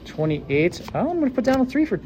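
A man's voice: extremely high pitch, very animated, quick pace, mellow, muffled recording. A man co-hosting a casual podcast, joking and thinking aloud during a card game. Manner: easygoing, jokey, thinks aloud. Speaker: podcast co-host.

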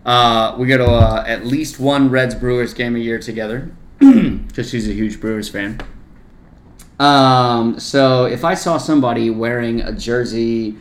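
A man's voice: medium pitch, unhurried. A young man co-hosting a podcast, telling stories in casual chat with sarcasm and swearing. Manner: sarcastic, loud mocking heckler voices in stories, swearing. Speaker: podcast co-host. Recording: roomy echo.

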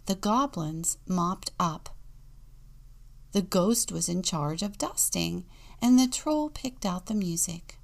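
A woman deacon reads a children's story at an unhurried pace, her voice carrying a gravelly fry. She slips into hushed whispers for the quiet moments and plays up the sound words. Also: lowish voice, animated. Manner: storytelling, dropping to a whisper for suspense. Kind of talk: reading a children's picture book aloud.

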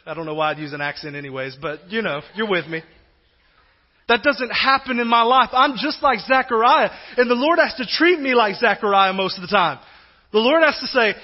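High-voiced guy preaching a sermon, chatty and animated, kinda muffled recording. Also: moderate pace. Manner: conversational, animated, acts out quoted voices. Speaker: pastor.

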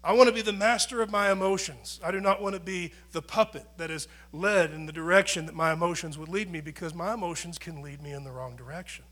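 Earnest high-voiced male pastor preaching. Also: quick pace, hardly any pauses. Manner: conversational, earnest, swings between loud emphasis and quiet asides. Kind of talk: sermon.

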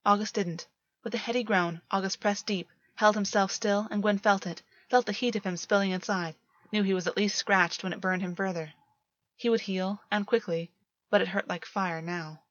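Female audiobook narrator, measured delivery, dry lo-fi home recording. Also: medium pitch, steady tone, fairly bright tone, no room sound. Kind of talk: audiobook reading of fan fiction. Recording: dull lo-fi, dry.

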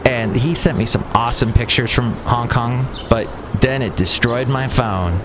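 A man's voice: medium pitch, normal speed, background noise. A man hosting a casual solo podcast, rambling and sarcastic, talking to listeners. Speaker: podcast host.

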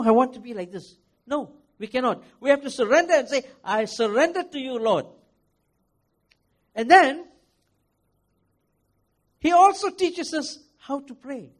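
A male pastor preaching a sermon, emphatic and repetitive, swinging from loud declarations to soft, hushed lines. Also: extremely high pitch.

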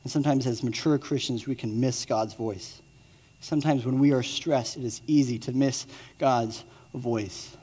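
A man in his thirties giving a sermon as pastor, moving between lively storytelling and quiet, earnest appeals to the listeners. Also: mid-range voice, normal speed, husky, in a large hall. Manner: swings from excited storytelling to hushed earnest appeals.

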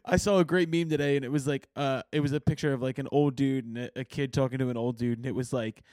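A man's voice: medium pitch, fairly even intonation, fast talker, darkish tone, no echo, studio quality. A young man from Philadelphia hosting a podcast over a video call, laughing often and swearing freely in casual chat. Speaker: podcast host.

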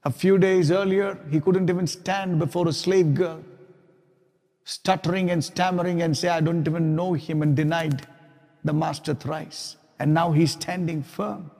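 Gravelly-voiced man preaching in a reverberant hall. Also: a little high, steady tone, moderate pace. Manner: preaching, rising to loud emphatic repetition. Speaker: pastor. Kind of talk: sermon.

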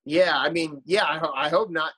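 A man chatting loosely on a podcast about life on tour. He rambles and circles back, full of fillers and restarts, in a slightly higher-than-average voice. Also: normal speed, bright, forceful tone, slightly rough. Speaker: musician guest. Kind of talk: casual podcast chat.

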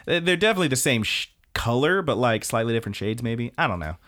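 A man hosting a podcast, casually retelling scenes and breaking into excited asides. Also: medium pitch, fast talker. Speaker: podcast host. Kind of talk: casual episode recap.

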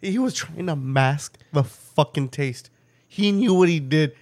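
A man co-hosting a podcast in casual chat, profane and laughing often, breaking into quick mocking impressions. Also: a little high, darkish tone. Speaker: podcast co-host.

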